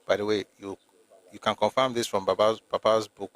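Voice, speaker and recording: A man's voice: fairly low pitch, flat delivery, a little fast. A Nigerian man hosting a live stream, reading from history books and arguing pointedly with commenters. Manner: argumentative with commenters, rising to emphatic at times. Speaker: host reading and discussing history with live viewers. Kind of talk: casual live-stream talk with read-aloud passages.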